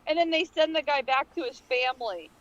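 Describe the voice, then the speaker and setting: A woman's voice: sits high, lively intonation, fairly quick, muffled recording. A woman in a casual group chat, making wry, amused asides.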